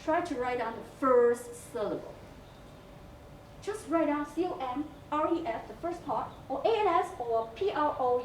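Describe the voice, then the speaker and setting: With a Hong Kong English accent, a woman teacher walks her students through a lesson recorded for campus TV, explaining step by step in a high, sing-song voice. She spells words letter by letter and uses many fillers. Captured off-mic from a distance in a school room, the sound is echoey with faint hiss.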